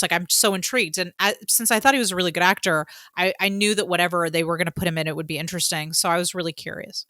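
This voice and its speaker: A woman co-hosting a podcast in casual chat, an excitable fan who gushes and fills her talk with "um". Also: fairly low pitch, fast talker, hardly any pauses, dry recording. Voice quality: excitable, gushing fan with many fillers. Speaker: podcast co-host.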